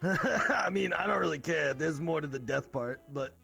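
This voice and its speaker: A man guest talking in a deep, gravelly throat voice in a laid-back, swearing casual chat over a VR headset mic. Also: normal speed, bright, forceful tone, faint music behind. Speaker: guest, streamer.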